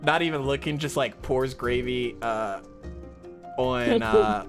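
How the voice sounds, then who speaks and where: A man's voice: mid-range voice, slow pace, music in the background. A man as game master of a tabletop game, narrating in a laid-back way with many fillers.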